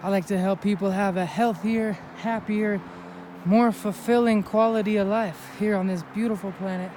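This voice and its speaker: A man's voice: sits high, steady tone, moderate pace, darkish tone, slight background noise. A man giving a heartfelt, upbeat spiritual pep talk while hiking a snowy mountain, a little out of breath. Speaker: vlogger. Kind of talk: inspirational vlog talk.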